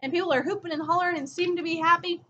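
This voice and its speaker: A woman's voice: very high-pitched, steady tone, racing, bright, forceful tone, slight background noise. A woman history teacher giving a casual recorded lecture at home, telling the story in a chatty way and acting out quotes. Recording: dull lo-fi recording.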